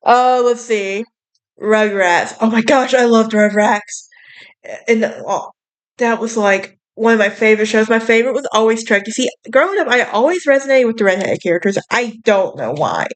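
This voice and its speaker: A woman's voice: fairly high pitch, expressive, normal speed. Chatty young woman with a Southern lilt. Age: young adult. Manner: chatty, sassy, bubbly with frequent fillers. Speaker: podcast host. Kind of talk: casual chat.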